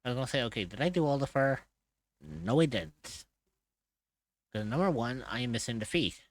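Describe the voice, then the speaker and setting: A man's voice: mid-range voice, sing-song, moderate pace, no room sound. Laid-back swearing male streamer. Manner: laughs often, swears casually, hums while working. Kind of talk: casual chat while drawing on stream.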